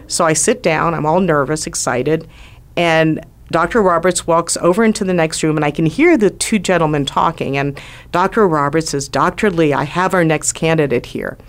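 A middle-aged woman, a former White House doctor, telling a lively personal story on a talk show. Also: deep voice, normal speed. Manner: lively anecdotal storytelling with acted quotes.

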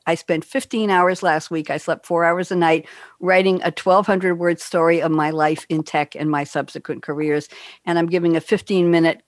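A woman's voice: low-pitched, dry recording. An older woman from New York hosting a talk show, chatting and telling stories with bubbly asides. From Queens, New York. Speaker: radio show host. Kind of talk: casual chat.

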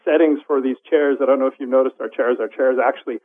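A man's voice: medium pitch, steady tone, quick pace. Easygoing man on a tinny phone line. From Canada. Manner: easygoing, explains with fillers. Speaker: phone-in guest from a kayak company. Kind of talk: casual phone interview.

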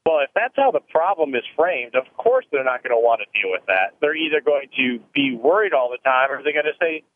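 A man's voice: medium pitch, lively intonation, fairly quick. Man explaining over a tinny phone line. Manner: explanatory, thoughtful, frequent restarts. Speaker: retirement planning guest. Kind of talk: phone interview.

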